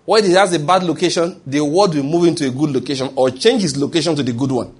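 A male preacher with a husky, higher-pitched voice delivers a sermon at a quick pace. He speaks emphatically, frequently posing a question to the congregation and then answering it himself.

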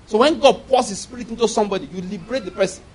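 Male pastor, animated sermon delivery with humorous asides, voice sits a bit high. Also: racing, slightly rough, low-quality recording. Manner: animated, laughing asides, acted-out quotes.

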